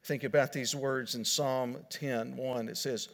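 A man's voice: medium pitch, steady tone, a little slow, creaky, few pauses. A male pastor preaching a sermon in an earnest, explaining way, often restarting and repeating words. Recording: long hall reverb.

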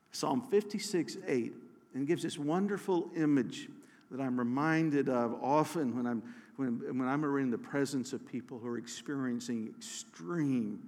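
A man preaching a sermon as pastor, earnest, restarting phrases and slowing to a hushed emphasis on key words. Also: mid-range voice, gravelly, long reverb tail. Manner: earnest, with many restarts and soft slowed emphasis.

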